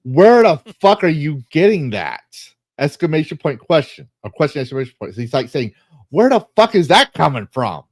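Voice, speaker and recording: A man's voice: fairly high pitch, very animated, normal speed, dry recording. A man hosting a casual online discussion, reading posts aloud and reacting with blunt, profane commentary. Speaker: host.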